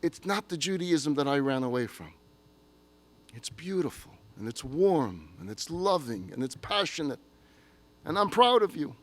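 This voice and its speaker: A man voicing an elderly grandfather, a gruff former army man speaking heartfelt and confessional words. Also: fairly high pitch, very animated, normal speed. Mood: tender confession.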